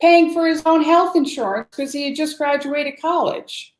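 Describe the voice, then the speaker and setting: A woman from Massachusetts, a guest in an interview, explaining in a steady, earnest way. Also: sits high, normal speed, roomy sound, rough recording. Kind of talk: interview conversation.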